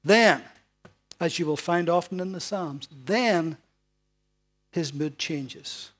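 A man preaching a sermon to a congregation in a relaxed, chatty way, often ending points with tag questions. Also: a little high, takes it slowly. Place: church hall before a congregation.

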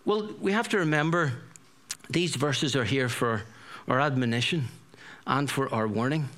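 A man's voice: a little high, moderate pace, sharp tone. A middle-aged man preaching a sermon in a conversational, storytelling way, full of rhetorical questions.

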